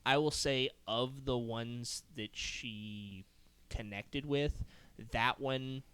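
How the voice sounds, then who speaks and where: A man's voice: mid-range voice, fairly even intonation, drawn-out words, fairly bright tone, smooth, dry recording. A man, a guest on a casual podcast, telling a story with lots of acted-out quotes and laughter. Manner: acts out quoted voices, laughs often.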